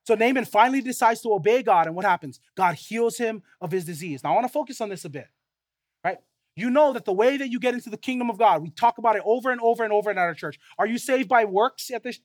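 Man, high voice, pastor preaching, emphatic, conversational. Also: lively intonation, quick pace. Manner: emphatic, repeats points with "right?" and "okay?". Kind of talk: sermon.

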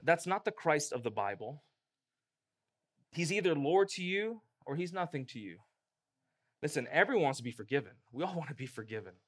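Pastor, male, emphatic sermon delivery, slightly higher voice. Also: big pitch swings, a little fast, pauses often. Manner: emphatic preaching with rising emphasis.

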